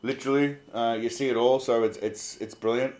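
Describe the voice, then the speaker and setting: A man's voice: mid-range voice, fairly even intonation, fairly quick, a little mellow. An Australian man hosting a casual livestream, reading viewer comments aloud in a laid-back, chatty way, swearing freely and calling people mate. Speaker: livestream host.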